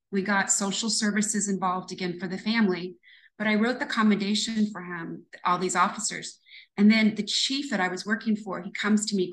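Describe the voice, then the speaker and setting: A woman's voice: medium pitch, a bit bright, rough recording. A woman in her fifties, a retired police lieutenant, telling a story earnestly and reflectively in an interview.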